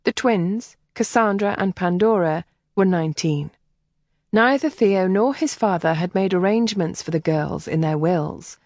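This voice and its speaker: A woman narrating a historical romance audiobook in an expressive storytelling manner, recorded on a close mic. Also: on the low side, unhurried, no room sound. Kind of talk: scripted narration.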